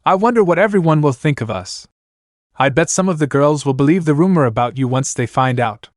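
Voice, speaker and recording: A man's voice: fairly high pitch, expressive, brisk, no room sound, studio quality, pitched above the performer's own voice, lightly acted. A man voicing a playful, confident young woman with a teasing manner.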